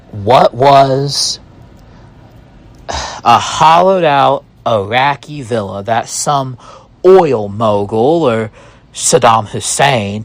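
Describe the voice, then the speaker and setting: A man narrating a story in the first person, relaxed and slow, with hesitant restarts. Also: medium pitch.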